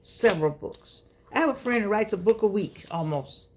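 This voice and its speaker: A woman's voice: mid-range voice, animated, normal speed, a little mellow. A woman, giving a chatty, emphatic motivational talk to camera. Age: 60s. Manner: chatty, preachy, folksy and emphatic. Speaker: vlogger speaking to seniors.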